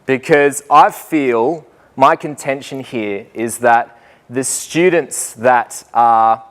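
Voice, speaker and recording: A man's voice: mid-range voice, takes it slowly. A young Australian man, a student teacher, tells stories to a group in a chatty, self-mocking way and laughs often as he talks. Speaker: student teacher giving a talk. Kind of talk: storytelling talk to a live group.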